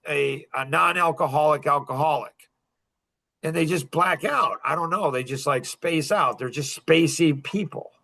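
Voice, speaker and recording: A man's voice: high voice, sharp tone. A man hosting a podcast, talking in a rambling, emphatic monologue full of fillers. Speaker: podcast host. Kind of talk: casual monologue.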